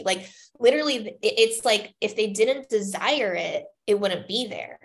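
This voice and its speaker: A woman talking as a podcast guest in a casual, animated way, full of fillers, acting out her own inner voices. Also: on the high side, moderate pace, hardly any pauses.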